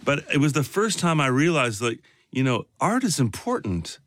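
A man from Chicago talks as an interview guest, rambling loosely and leaning on "you know" and "like." His voice sits at an everyday middle pitch. The studio sound is close and dry. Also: big pitch swings, normal speed, fairly bright tone, no room sound. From south side of Chicago. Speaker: guest, actor. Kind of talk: casual interview conversation.

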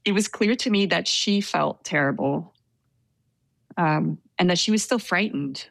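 A woman's voice: on the low side, unhurried, gravelly, no room sound. A woman recounting a personal story in a casual interview, hesitant and self-deprecating, with frequent fillers and small laughs.

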